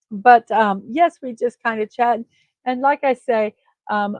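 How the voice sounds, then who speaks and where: On her own morning livestream, a woman chats casually and warmly, her talk sprinkled with ums and uhs. Her pitch is fairly high and a little mellow, her pace is normal, and the recording is dry.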